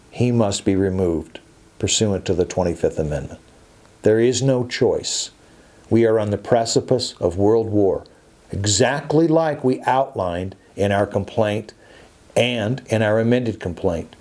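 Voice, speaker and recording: Emphatic man, mellow dark voice. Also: on the low side. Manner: emphatic, repetitive, stumbles and restarts. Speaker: attorney and podcast host. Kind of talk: opinionated podcast monologue.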